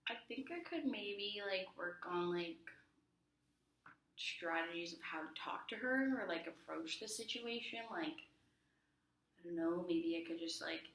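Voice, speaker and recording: Young woman, counseling client, chatty and filler-heavy, a bit low-pitched, echoey room. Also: lively intonation, measured pace, a bit bright. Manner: chatty, many fillers, acts out quoted friends. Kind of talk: casual conversation.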